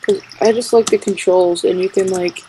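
A woman chatting casually and excitedly with a friend while playing a game together. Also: medium pitch, a little hiss or hum, low-quality recording. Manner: excitable, quick to laugh. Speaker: co-host of a game series. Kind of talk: casual gameplay chat.

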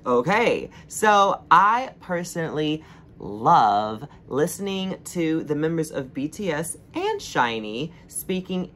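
A man's voice: fairly high pitch, fairly bright tone, slight background noise. A man hosting a reaction video in a casual, earnest and openly emotional way.

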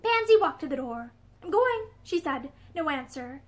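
A woman narrates a novel aloud with expressive storytelling. Her voice is high and animated, with wide swings of pitch. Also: moderate pace. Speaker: reader. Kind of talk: audiobook narration. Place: indoor room with bookshelves.

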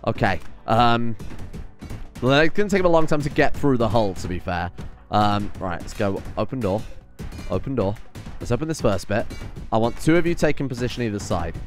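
A man giving casual let's-play commentary, often exasperated, swearing and swinging loud when things go wrong. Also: mid-range voice, normal speed, faint music behind. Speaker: gaming commentator.

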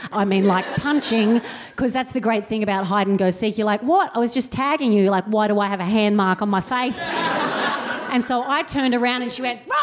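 A woman telling a self-mocking comic story on stage, acting out the voices of the people in it. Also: fairly high pitch. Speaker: co-host comedian. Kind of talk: live stand-up storytelling. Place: live venue with audience.

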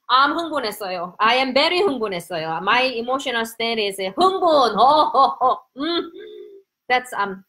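A woman from Korea speaks English with a Korean accent while teaching her language on a casual live stream. Her voice sits high and bright, and it leaps around as she chats and laughs. She sounds excitable and spontaneous.

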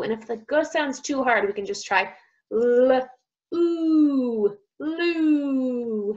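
A young woman, a speech therapist, reading a picture book to children, slowly modeling sounds and praising each try. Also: fairly high pitch, muffled recording. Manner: slow, drawn-out modeling of sounds, encouraging praise.

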